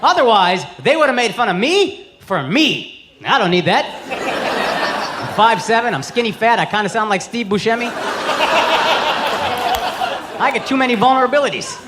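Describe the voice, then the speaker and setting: Brash high-voiced comedian, roaring crowd. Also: male voice, big pitch swings, moderate pace, long pauses. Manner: brash, profane, punchy delivery. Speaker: stand-up comedian. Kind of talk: stand-up comedy set. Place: club stage before a laughing crowd. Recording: loud crowd laughter and noise.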